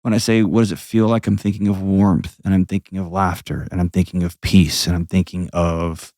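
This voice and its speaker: A man's voice: deep voice, little pitch movement, a little fast, a little mellow, dry recording, clean studio sound. A man hosting an advice call-in show, talking bluntly and painting vivid scenes as he coaches a caller. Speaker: host.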